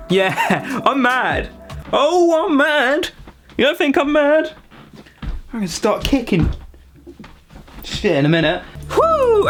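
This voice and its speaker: A young British man in a vlog, ranting to camera in an animated, exaggerated way with mock outrage. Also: fairly high pitch. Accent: British English. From Britain. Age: young adult. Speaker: vlogger. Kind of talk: comedic rant to camera.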